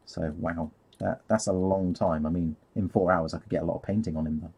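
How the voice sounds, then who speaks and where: A man's voice: deep voice, steady tone, fairly quick, dark tone, slightly rough. A man rambling casually on a live stream while painting, easily sidetracked and laughing at himself.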